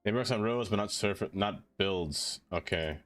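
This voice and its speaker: A low-voiced man talks casually through a live game stream, drifting from topic to topic as he replies to chat. His manner is self-deprecating and loose. Soft music plays faintly underneath. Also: a little slow. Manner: rambling, self-deprecating, answers chat aloud.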